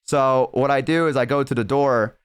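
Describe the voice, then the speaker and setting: A man's voice: moderate pace, clear, resonant tone. A young man streamer chatting casually, telling stories and acting out quotes with big jumps in his voice. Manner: animated storyteller, acts out quotes with big pitch jumps. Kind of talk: casual chat.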